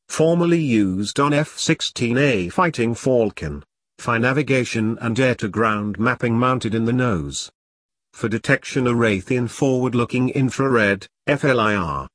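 A male narrator reads a story, saying the punctuation marks aloud as he goes. His voice sits at a middling pitch, and the recording is dry and close, with no room sound. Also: no room sound. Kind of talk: audiobook narration.

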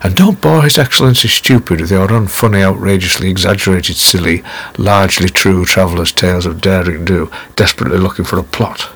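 A man voicing a wife with a soft Australian accent who teases her husband acidly. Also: deep voice, fairly quick, slightly rough, full character voice. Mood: teasing. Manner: acidly teasing. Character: wife, soft-spoken dry-witted woman.

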